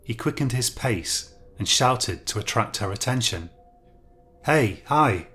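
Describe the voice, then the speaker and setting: Calm male storyteller, faint music under. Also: medium pitch, normal speed. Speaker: narrator. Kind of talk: scripted narration.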